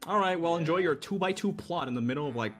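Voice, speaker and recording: A man's voice: a little high, animated, fast, over music. A man joking with friends in casual banter, teasingly repeating his lines. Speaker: friend on voice call.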